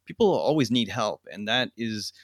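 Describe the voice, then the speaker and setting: Man, low pitch, dry recording, casual reflective host talk. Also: expressive, normal speed, no room sound. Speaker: podcast host. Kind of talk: casual chat.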